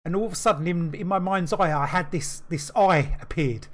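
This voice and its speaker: A man's voice: high voice, fairly quick. A man co-hosting a podcast, telling a rambling story in casual chat, full of restarts and fillers. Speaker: podcast co-host.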